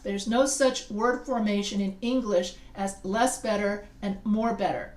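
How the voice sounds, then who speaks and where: Upbeat female teacher, higher voice, jokey and chatty, recorded in an echoey classroom. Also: fairly even intonation, measured pace, few pauses, a little mellow. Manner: playful, chatty teacher asking the class questions. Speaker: writing instructor. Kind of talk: classroom grammar lecture.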